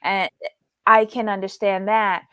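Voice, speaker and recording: A woman's voice: medium pitch, little pitch movement, unhurried, sharp tone, clear, resonant tone, no echo. A woman co-hosting a casual recap chat, rambling with fillers and restarts as she goes through her takeaways. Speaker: podcast co-host.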